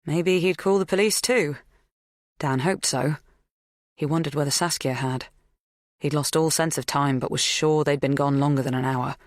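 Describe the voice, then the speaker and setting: An audiobook narrator reading a suspense novel with measured tension. The voice sits in a middle range. The recording is dry and close. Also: medium pitch, flat delivery, no echo. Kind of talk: scripted narration.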